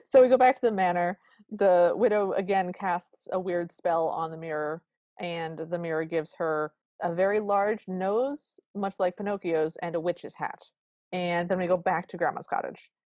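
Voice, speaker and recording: A woman's voice: on the low side, normal speed, darkish tone, dry recording. A woman co-hosting a podcast, recapping a film in casual chat with sarcastic comic asides. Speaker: podcast co-host.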